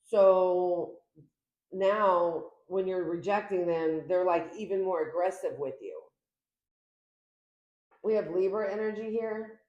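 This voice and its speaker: A woman's voice: slow pace, pauses often, lo-fi sound. A woman giving a casual tarot reading to the camera, chatty and emphatic, filming herself at home. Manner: chatty, emphatic, acts out quoted lines with big pitch jumps. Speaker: tarot reader. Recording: echoey room.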